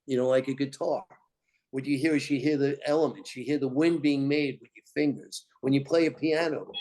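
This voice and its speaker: A man telling spiritual stories in a meandering, animated way as a guest. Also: mid-range voice. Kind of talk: rambling spiritual storytelling.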